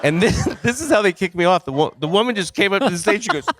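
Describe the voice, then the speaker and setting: A man from North Carolina, a guest comedian, chatting casually in halting bits with many restarts. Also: high-pitched, lively intonation, a bit bright. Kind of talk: casual chat.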